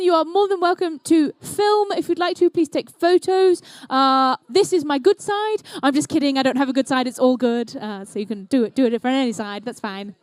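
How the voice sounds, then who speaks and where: A woman's voice: high-pitched, dry recording. A woman commentating a live indoor competition and emceeing it, with playful, jokey banter aimed at the crowd.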